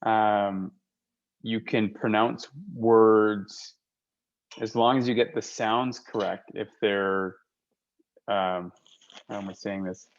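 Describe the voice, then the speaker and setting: A man's voice: on the low side, steady tone, takes it slowly, long pauses, dull audio. A man in a course asking a question, hesitant and searching for words. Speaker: course participant.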